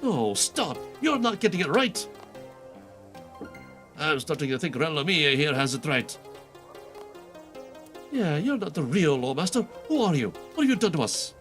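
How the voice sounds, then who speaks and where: A man voicing an exasperated adventurer who keeps correcting another character with deadpan remarks in a game quest fan voice-over. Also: a little high, a little slow, long pauses, faint music behind. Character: exasperated young adventurer, nitpicking and sarcastic.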